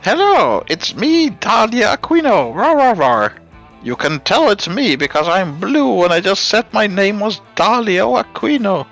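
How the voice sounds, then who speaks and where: A man voicing a showy blue woman who loudly chants and announces her own name. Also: sits high, sing-song, unhurried, vocal fry, soft background music, voice pushed up, heavily acted. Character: blue female contestant, showy self-introducing judge.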